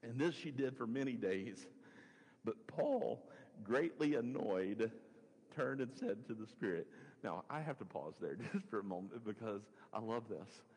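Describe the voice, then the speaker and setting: A man's voice: lowish voice, animated, unhurried, a little mellow, slightly rough. A male pastor preaches a sermon and reads scripture in a conversational way, musing aloud with chuckling asides. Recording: long hall reverb.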